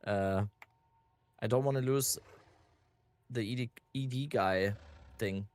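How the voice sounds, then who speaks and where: A man's voice: mid-range voice, slow pace, a little mellow. A man chatting casually as a guest on a stream, easygoing with a dry humor, on a wireless headset.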